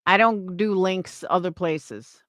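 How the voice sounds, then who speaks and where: A woman's voice: fairly low pitch, takes it slowly, fairly bright tone, no echo, studio quality. A young woman streamer giving a profane, scornful reaction rant on a livestream. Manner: angry, profane, scornful ranting.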